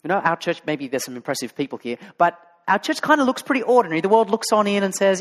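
Australian pastor, higher-pitched man. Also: big pitch swings, fast, few pauses. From Sydney, Australia. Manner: conversational, storytelling with frequent fillers and restarts. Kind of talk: sermon.

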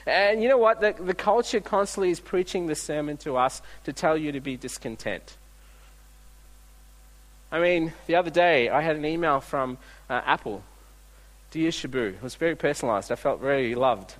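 Male preacher, chatty storytelling sermon, slightly high voice, long hall echo. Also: moderate pace. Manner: conversational, storytelling with frequent restarts. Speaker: pastor. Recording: long reverb of a large hall.

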